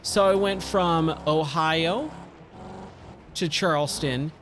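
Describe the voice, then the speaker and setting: Slow, rambling man telling a story. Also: a little high, a little hiss or hum. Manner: rambling, with frequent fillers and self-corrections. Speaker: gaming streamer. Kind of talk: casual storytelling while gaming. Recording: loud racing game sounds underneath.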